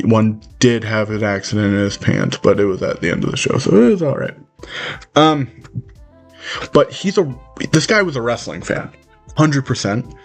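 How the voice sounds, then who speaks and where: A young man telling a story in a casual vlog rant, animated and swearing freely, often jumping into high-pitched voices to act out what others said. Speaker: vlogger.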